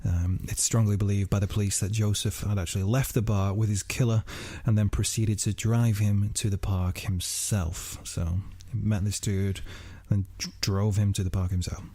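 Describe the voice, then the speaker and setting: Gravelly man telling a crime story. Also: fairly low pitch, flat delivery, moderate pace, few pauses, dark tone, no room sound. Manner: swears freely, many fillers, laughs while telling. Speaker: podcast host. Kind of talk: casual true-crime chat.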